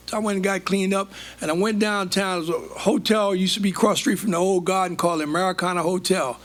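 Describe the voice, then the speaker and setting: With a voice that sits high, this older American talks fast with few pauses while sharing stories from his life as an on-stage guest speaker. He brings the tales to life, performing the quoted dialogue.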